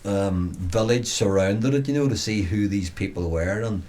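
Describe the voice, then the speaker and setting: A Northern Irish man telling stories from his childhood in a relaxed, chatty way. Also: fairly low pitch, moderate pace. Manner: storytelling, acts out quoted voices. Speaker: brother reminiscing on radio. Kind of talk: casual reminiscing.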